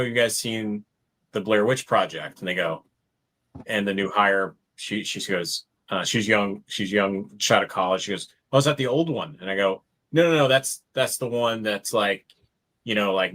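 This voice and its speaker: A middle-aged man co-hosting a live stream, telling a story in relaxed casual chat and chuckling as he talks. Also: fairly low pitch.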